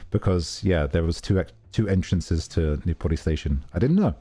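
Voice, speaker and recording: A man's voice: deep voice, sing-song, moderate pace, warm tone, husky. A man streaming casually, telling a rambling story full of fillers and self-corrections. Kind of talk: casual livestream chat.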